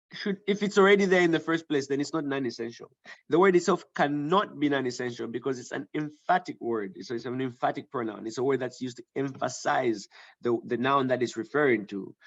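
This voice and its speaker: Speaking at a fairly quick clip in a medium pitch, a man gives an online grammar lesson about writing. The recording's highs are cut off, and he thinks aloud, restarts, uses fillers, and keeps checking in with the class.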